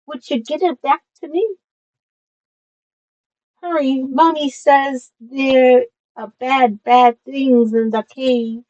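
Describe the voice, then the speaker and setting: A woman's voice: high-pitched, fairly even intonation, takes it slowly, darkish tone, muffled recording, voice pushed up. A woman putting on a tiny pleading girl. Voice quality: clumsy put-on accent. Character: tiny pleading girl who lost her dog.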